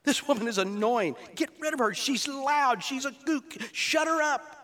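A preacher mimicking whiny, impatient disciples. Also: male voice, very high-pitched, animated, normal speed, bright, forceful tone, pitched above the performer's own voice, exaggerated voice. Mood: exasperated. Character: exasperated complaining disciples, grown men. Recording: long reverb of a large hall.

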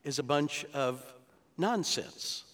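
Man, pastor, high-pitched voice, expository sermon, earnest and emphatic, long echo of a church hall. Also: expressive, slow, a bit bright. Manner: earnest teaching tone, building to emphatic peaks. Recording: long reverb of a large hall.

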